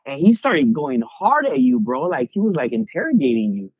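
A man's voice: a little high, wildly swooping pitch, normal speed, breathy edge, no echo. A man casually recounting a story on a podcast, heavy on slang fillers and swearing. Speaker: podcast co-host. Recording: dull lo-fi sound, dry.

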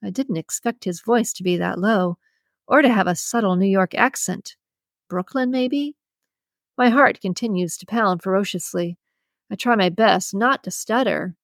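A woman reading a first-person story as an audiobook narrator, with a measured, storytelling delivery. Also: mid-range voice, creaky, dry recording, studio quality.

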